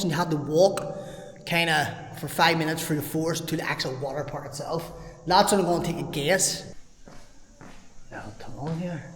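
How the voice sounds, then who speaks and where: A man with a slightly high voice walks outdoors through an abandoned park and chats to the camera as he goes. He swears casually, wonders aloud and breaks into exclamations. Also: a bit bright. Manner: chatty, swears freely, thinks aloud with exclamations. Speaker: travel vlogger. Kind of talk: casual walking vlog commentary.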